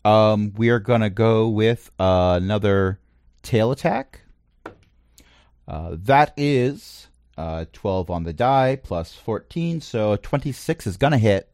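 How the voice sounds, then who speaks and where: Man as dungeon master, playful narration, lively swooping pitch, dry close sound. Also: slow pace, dry recording. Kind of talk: running a tabletop game online.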